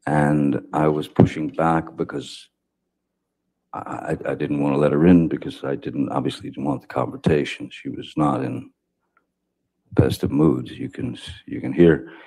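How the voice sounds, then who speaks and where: A man giving courtroom testimony as a witness, speaking haltingly with many restarts and fillers. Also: very deep voice, flat delivery, gravelly, dark tone, slightly rough. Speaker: trial witness.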